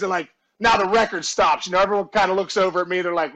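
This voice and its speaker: A man being interviewed, telling a story with animated energy, shouting out the punchlines, acting out other people's voices, and laughing often. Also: sits high, fast, few pauses, low-quality recording. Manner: lively, acts out quoted voices and shouts punchlines; laughs often, warm and effusive. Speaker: guest, former baseball player. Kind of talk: animated storytelling in casual chat.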